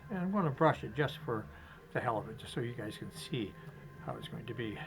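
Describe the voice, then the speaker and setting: A man demonstrating fly tying step by step, chatty and relaxed, talking to himself as he works. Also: mid-range voice, fairly quick, soft background music, low-quality recording. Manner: chatty, talks to himself while working, chuckles.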